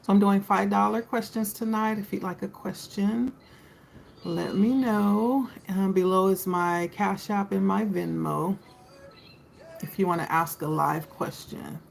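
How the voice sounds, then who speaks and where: A woman's voice: medium pitch, steady tone, a little slow, creaky, a little hiss or hum, low-quality recording. A woman hosting a live tarot stream, chatting casually and greeting viewers by name.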